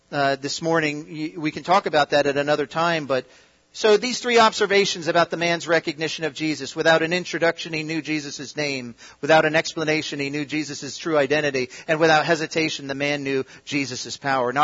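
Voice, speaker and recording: A man delivers a sermon in a high, bright-edged voice. He builds to loud, emphatic peaks and then drops to quiet, confiding asides. The recording is dull and lo-fi, as if taped from a church auditorium. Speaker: pastor.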